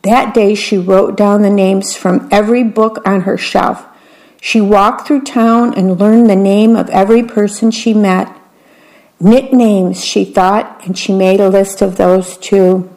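A woman reading a children's story aloud, gentle and unhurried, adding her own asides. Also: mid-range voice, steady tone, low-quality recording.

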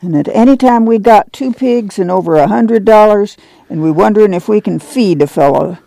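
A woman reading aloud as a firm, strong-willed middle-aged farm mother with a slow rural drawl. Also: mid-range voice, vocal fry, mellow, no room sound, lightly acted.

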